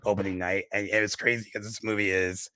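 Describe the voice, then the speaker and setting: Male podcast co-host, slightly hoarse, low flat voice, rambling delivery, dry close mic. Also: fairly quick, low-quality recording. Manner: rambling, with many fillers and restarts. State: voice a little shot. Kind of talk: casual movie podcast chat.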